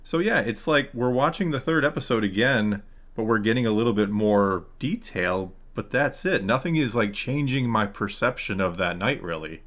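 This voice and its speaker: A man's voice: fairly low pitch, animated, normal speed, fairly bright tone. A man recapping and critiquing a TV episode in a casual, sarcastic, frustrated way. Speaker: YouTube reviewer.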